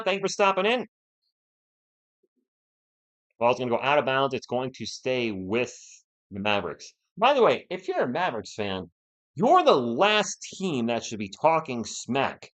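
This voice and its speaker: A man with a mid-range voice hosts a fan live stream at normal speed, calling the game play by play. He's animated and partisan, bantering with the chat.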